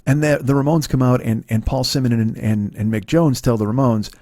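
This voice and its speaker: A middle-aged man tells a long story on his podcast in a loose, rambling way, swearing freely and poking fun at himself. His voice sits at an ordinary mid pitch. The sound is close and dry, with no room echo. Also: a little fast, darkish tone. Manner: rambling, profane, self-deprecating, many restarts. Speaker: podcast host. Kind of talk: casual storytelling monologue.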